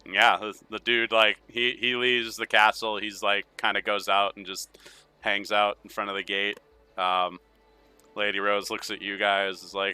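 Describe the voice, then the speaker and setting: A man's voice: lowish voice, flat delivery, a little slow, bright, forceful tone, clear, resonant tone, dry recording, soft background music. A man narrating a tabletop game as game master, casual and laughing often.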